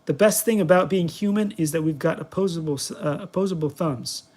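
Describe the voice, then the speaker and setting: A man's voice: a little high, brisk, a little mellow. A man hosting his review vlog, chatting in a playful, self-mocking and rambling way while flying a toy. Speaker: product reviewer, channel host. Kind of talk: casual vlog commentary while playing.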